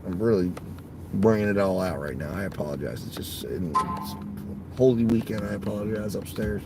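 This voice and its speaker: A man who drives for a delivery app, talking casually to viewers from his car, swearing freely and swinging between muttered grumbling and loud outbursts. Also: on the low side, brisk, heavy background noise. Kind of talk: casual vlog while driving.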